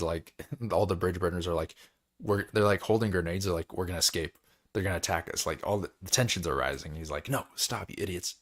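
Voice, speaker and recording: A tired, low-voiced man hosting a book club casually recaps a chapter, yawning as he goes. His talk rambles and is full of filler, and he paraphrases the characters in quick little voices.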